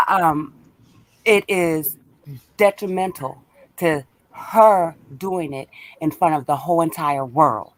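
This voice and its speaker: A woman's voice: deep voice, slow, no echo. Indignant woman guest on a livestream. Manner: earnest, indignant, repeats herself, hesitant restarts. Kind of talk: heated livestream discussion.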